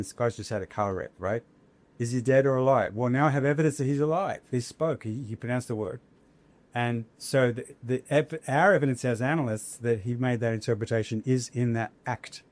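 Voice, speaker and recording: A man's voice: mid-range voice, a little mellow. A man, an academic guest, explaining ideas in conversation, thoughtful and searching for words with frequent restarts.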